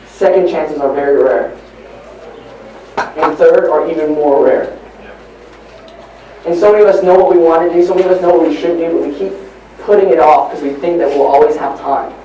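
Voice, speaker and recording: A man gives a motivational talk in a big, echoey hall, heard from some distance away from the mic. His voice sits a little high and mellow in tone. He tells stories, dropping to a hush and then pressing hard on key lines. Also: steady tone, normal speed, long pauses, slight background noise. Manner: storytelling, swings between hushed and emphatic. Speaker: motivational speaker. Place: large hall at a live training event. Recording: echoey live hall recording from far off.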